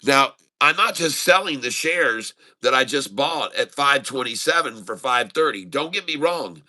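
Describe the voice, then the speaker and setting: Bright excited man narrating live trades. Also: medium pitch, normal speed. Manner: excited running commentary addressing "folks". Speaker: day-trading streamer. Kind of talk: live trading commentary.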